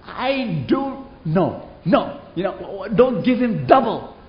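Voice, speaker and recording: Brief: shrill, indignant scorned wife, put on by a male preacher, muffled roomy room. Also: big pitch swings, slow, heavily acted. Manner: high-pitched and indignant. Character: angry betrayed wife seeking revenge. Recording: roomy, dull hall recording.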